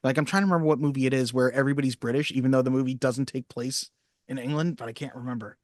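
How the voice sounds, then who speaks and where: A man co-hosting a casual movie podcast, reading trivia facts briskly and chatting. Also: medium pitch, fairly even intonation, no room sound, studio quality. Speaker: podcast co-host.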